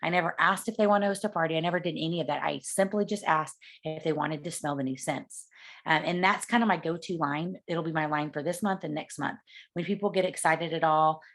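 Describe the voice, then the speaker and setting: In a low-pitched, fairly bright voice, a woman briskly shares sales tips during an informal coaching talk. She chats freely and acts out the exchanges she quotes.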